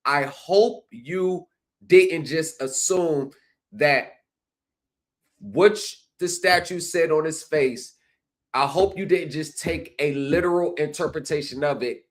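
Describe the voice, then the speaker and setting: A man's voice: on the high side, slow. A man hosting a livestream, lecturing his viewers with repeated rhetorical phrases. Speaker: streaming commentary host. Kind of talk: livestream commentary.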